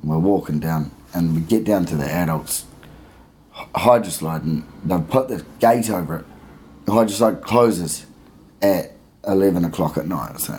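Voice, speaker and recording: Animated man telling a story. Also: deep voice, normal speed. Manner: animated, laughing storyteller who acts out voices. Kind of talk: casual storytelling in a podcast chat.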